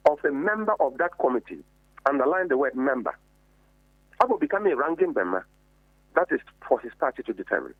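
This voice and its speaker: A man's voice: fairly high pitch, husky, no room sound. A man, a member of parliament, speaking with indignant emphasis and rhetorical questions. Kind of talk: heated political commentary. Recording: tinny phone-like dry line.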